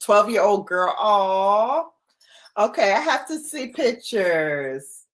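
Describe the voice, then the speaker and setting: A woman's voice: mid-range voice, animated, slow pace. A middle-aged woman hosting a casual livestream, chatty, laughing often and answering viewer comments. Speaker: livestream host.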